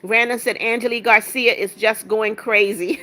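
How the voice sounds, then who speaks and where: A woman with a bright, forceful voice pitched a little high hosts a live stream. She reads chat comments aloud, greets viewers with quick repeated hellos and sometimes trips over their names. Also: fairly even intonation. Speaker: livestream host.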